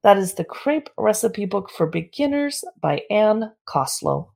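A woman's voice: medium pitch, very animated, a little slow, creaky, a little mellow. A woman from San Diego co-hosting a casual chat, presenting cookbooks in a playful, teasing way. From San Diego, United States. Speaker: co-host reviewing cookbooks.

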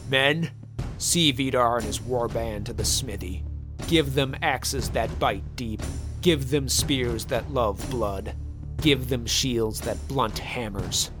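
A man voicing an old, wrathful Norse king who speaks in slow, menacing pronouncements. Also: mid-range voice, music in the background, lightly acted. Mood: brooding.

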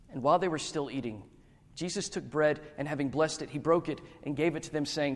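Man reading scripture in a reverberant hall. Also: on the high side. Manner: measured, dramatic, slow reading.

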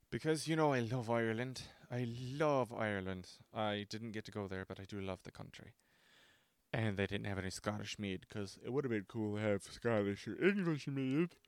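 A man's voice: on the low side, normal speed, no echo. A man in his twenties chatting casually to camera as he reviews a drink, rambling, swearing freely and poking fun at himself. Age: 20s.

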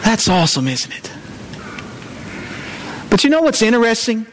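A man's voice: high voice, very animated, normal speed, a bit bright, slight background noise. A man, teaching a Sunday morning church lesson in a folksy way with many "uh" fillers.

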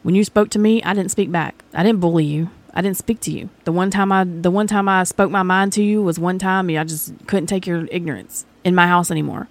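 A woman's voice: fairly low pitch, steady tone, a little fast, hardly any pauses. A woman in her forties, ranting bluntly and profanely in a casual podcast chat. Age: 40s. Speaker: podcast co-host.

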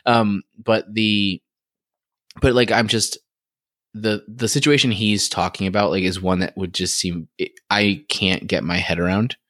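A man co-hosting a podcast in casual chat, rambling and joking with quick restarts. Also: fairly low pitch, fairly even intonation, fairly bright tone, no echo, studio quality. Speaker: podcast co-host.

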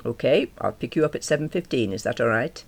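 A man's voice: lively intonation, quick pace, creaky, slightly rough. A woman reading aloud voices a confident, charming man with a rich voice, polite and lightly teasing. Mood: courteous. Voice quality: rich, deep.

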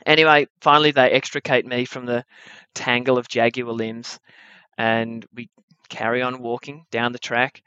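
A young man telling a true adventure story at a live story slam, wry and animated, with comic timing. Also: medium pitch, moderate pace, clear, resonant tone, dry recording, highs cut off.

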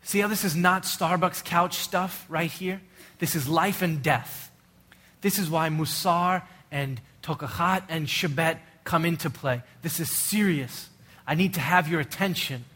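A man's voice: on the high side, measured pace, pushed and bright. A middle-aged male pastor preaching a sermon in an earnest, urgent way, full of rhetorical questions.

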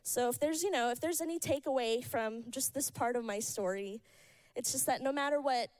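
A woman's voice: on the high side, moderate pace, darkish tone, no room sound, poor audio. Woman, heartfelt church testimony, emotional yet encouraging, dry recording. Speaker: church member giving testimony.

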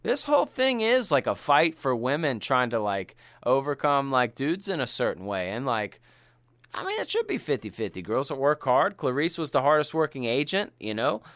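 A man's voice: medium pitch, moderate pace, dry recording. A man co-hosting a podcast, chatting casually and retelling a film with slang and profanity. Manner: animated and profane, slangy storytelling. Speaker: podcast co-host.

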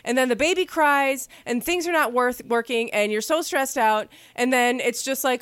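A woman in her forties chats in a lively, informal way and slips into little quoted voices as she talks. Her voice sits a bit high. The sound is dry and close, with no room around it. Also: normal speed, few pauses, smooth, dry recording. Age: 40s. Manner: chatty, animated, quotes imagined voices. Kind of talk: casual chat.

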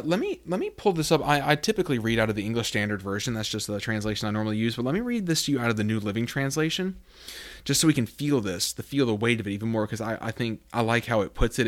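A man's voice: mid-range voice, expressive, fast talker. A man giving informal devotional teaching, talking casually with fillers and reading scripture aloud with rising emphasis. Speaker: preacher.

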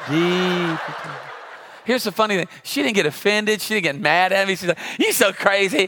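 A man's voice: high voice, normal speed, background noise. A man in his forties, a pastor preaching a sermon and telling funny stories, with playful sound effects. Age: 40s. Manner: humorous storytelling with sound effects.

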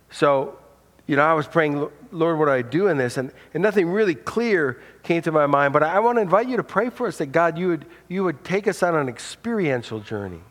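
Earnest male pastor preaching in a hall. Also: on the high side. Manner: earnest, repeats words when starting phrases. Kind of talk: sermon. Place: church hall. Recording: reverberant hall.

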